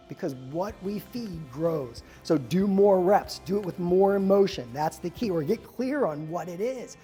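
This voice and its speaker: A middle-aged man talking as a fitness coach and host, giving energetic, emphatic motivational advice and repeating key phrases. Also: high voice.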